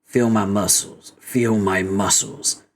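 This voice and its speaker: A man's voice: on the low side, fairly even intonation, slow pace. A man voicing a crude, pushy male robot who brags nonstop about his muscles. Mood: boastful pushy. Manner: insistent, crude bragging.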